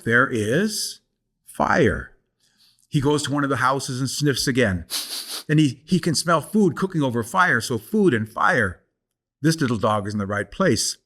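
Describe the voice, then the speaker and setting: A man's voice: mid-range voice, a bit bright. An older man, a guest storyteller, telling a folk tale aloud in a rhythmic, repeating cadence. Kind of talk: oral storytelling.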